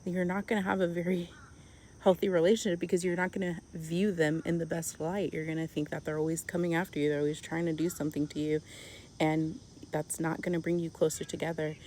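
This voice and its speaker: A young woman speaking earnestly and softly in a casual devotional talk, full of "like" fillers. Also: lowish voice, little pitch movement, fast, slight background noise. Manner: earnest, softly spoken, with many "like" fillers and restarts. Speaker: Christian vlogger.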